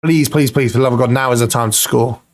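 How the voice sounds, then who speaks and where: A man commentating his own football management game, excitable and pleading at the screen, swearing now and then. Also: medium pitch, fast talker. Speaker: gaming YouTuber.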